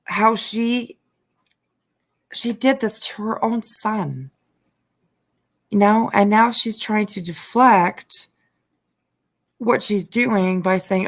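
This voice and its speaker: A woman's voice: medium pitch, slow, long pauses. Heated casual woman livestreamer. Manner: heated, swearing, many fillers and restarts; reads news aloud and greets viewers. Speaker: livestream host.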